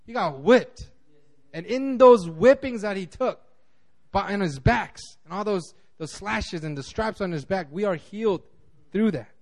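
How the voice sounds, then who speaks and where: A man pastor giving a casual, conversational sermon, animated and acting out quotes, with frequent restarts. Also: sits high, a little slow.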